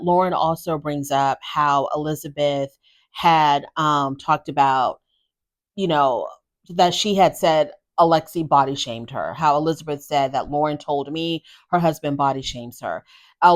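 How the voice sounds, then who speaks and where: Woman host, lower register, for a blunt, opinionated reality-show recap. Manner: gossipy, blunt, chatty.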